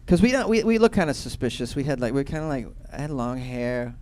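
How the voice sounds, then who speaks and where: A man in his thirties from Boston doing a stand-up comedy set, telling a loose, profane story with sudden loud bursts. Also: mid-range voice, big pitch swings, fast. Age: 30s.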